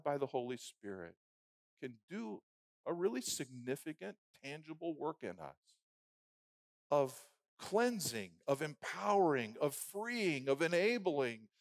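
Male preacher, sermon, lively rising and falling pitch, dry close sound, hushed-to-loud delivery. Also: dry recording. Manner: swings from loud emphasis to hushed prayerful murmur; rhythmic lists with pauses between phrases.

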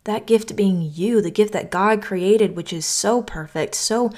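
Speaking at a measured pace in a medium, somewhat mellow voice, this young North Carolina woman reflects alone on her podcast. She sounds earnest and chatty, leaning heavily on the word "like."

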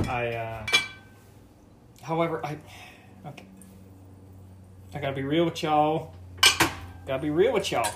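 A Canadian man hosts a casual solo podcast from his home kitchen, rambling, joking, and swearing plenty while cooking breakfast. His voice is a little high, and heavy background noise includes the clatter of dishes and cutlery.

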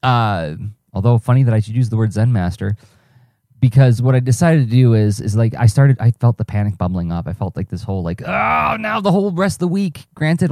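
This reflective solo podcast features a male host, a cartoonist and teaching artist, speaking in a warm, medium-pitched voice. The studio-quality audio has no room sound, and he muses aloud in a loose, conversational way, often correcting himself.

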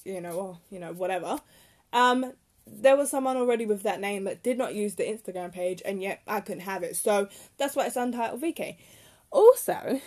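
A woman's voice: medium pitch, a little mellow. A young woman hosting her own podcast from her bedroom, chatting casually in a rambling, self-deprecating way. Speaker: podcast host. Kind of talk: casual solo podcast chat.

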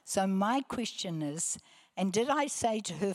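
Older kiwi lady preaching, earnest storytelling, goes soft and hushed, takes her time. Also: mid-range voice, lively intonation, measured pace, big-room sound. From New Zealand. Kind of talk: testimony sermon.

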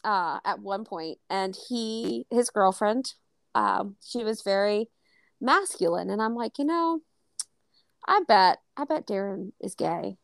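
Dry, close-sounding woman telling a lively story. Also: medium pitch, slow, vocal fry, no room sound. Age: adult. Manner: animated, acts out quoted dialogue, swears freely. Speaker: podcast co-host. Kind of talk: casual storytelling chat.

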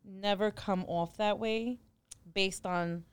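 Smooth-voiced woman, animated and blunt. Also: mid-range voice, slow. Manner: animated storyteller, acts out both sides of a quarrel; blunt and profane. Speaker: podcast co-host. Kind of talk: casual chat.

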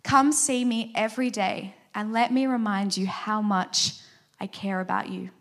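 Woman reading as a kind old woodmaker guy, gentle and fatherly, voice a bit raised. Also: mid-range voice, fairly even intonation, measured pace. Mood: reassuring.

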